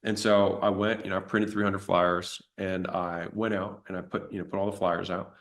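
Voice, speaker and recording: A man with a fairly low voice tells a story from his early business days. His delivery is casual and conversational, and he is blunt enough to swear along the way. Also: normal speed. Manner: animated retelling of his own past. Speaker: entrepreneur telling a business story.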